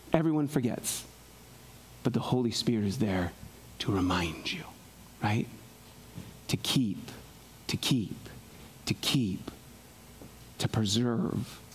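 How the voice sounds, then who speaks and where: A man preaching a sermon in a conversational way, often checking in with "right?", moving between soft low asides and raised, emphatic passages. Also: a little hiss or hum. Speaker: pastor.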